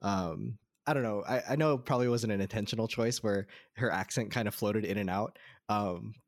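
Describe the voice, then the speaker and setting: Man, low voice, casual podcast film chat, rambling with fillers, dry close sound. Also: a little fast, dry recording. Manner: rambling, many fillers and restarts. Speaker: podcast co-host.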